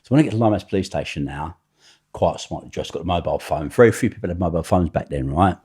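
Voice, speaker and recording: A middle-aged man, a podcast guest telling animated stories full of swearing. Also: low-pitched, fast talker, slightly rough. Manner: animated, swearing, acts out other people's voices. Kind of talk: storytelling anecdote.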